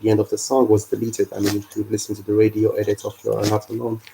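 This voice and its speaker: Man, livestream host, earnest halting explainer, dark mellow tone, low voice. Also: monotone, vocal fry, slight background noise, low-quality recording.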